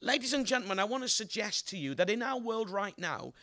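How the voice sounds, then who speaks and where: High, bright-voiced male evangelist. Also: sing-song, fairly quick. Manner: emphatic, asks the audience rhetorical questions. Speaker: evangelist preacher. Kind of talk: sermon.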